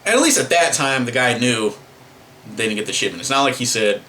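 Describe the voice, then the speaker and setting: A man's voice: medium pitch, sing-song, brisk, pushed and bright, slight background noise. A man ranting to camera in a vlog, exasperated and profane, full of fillers and restarts. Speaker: vlogger.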